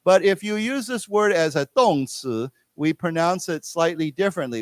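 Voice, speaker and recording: American guy teaching english, slightly high voice, dry close sound, explains slowly and makes the class repeat words. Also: no echo. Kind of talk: English lesson for Chinese speakers. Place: lecture room in a library.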